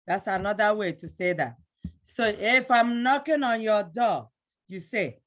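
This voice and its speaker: A middle-aged woman teaching a language lesson, slowly and patiently repeating words for her learners. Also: medium pitch, expressive, a bit bright.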